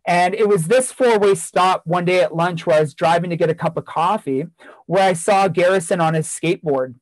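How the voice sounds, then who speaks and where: A man's voice: high voice, a little fast, no echo, rough recording. A man giving a keynote talk, earnestly telling a story from his years as a teacher, with repeated phrases for emphasis. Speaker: keynote speaker, former teacher.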